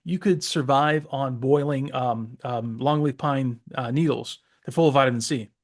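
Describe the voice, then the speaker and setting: A man's voice: medium pitch, normal speed. A man from the Southeastern US co-hosting a casual podcast, rambling with many fillers and restarts. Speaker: podcast co-host. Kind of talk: casual chat.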